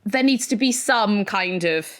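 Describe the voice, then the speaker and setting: Chatty woman podcast host, slow and lively. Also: medium pitch. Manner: chatty, loose with lots of fillers. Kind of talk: casual chat.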